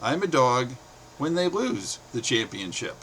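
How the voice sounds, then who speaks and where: A middle-aged man from the United States reading his own short stories aloud, in a plain, steady way with brief pauses. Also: mid-range voice, a little hiss or hum.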